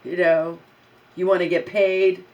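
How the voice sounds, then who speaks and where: A woman's voice: on the low side, little pitch movement, unhurried, a little mellow, distant mic, low-quality recording. A woman vlogger in an angry personal rant about a bad day, agitated, swearing and repeating herself.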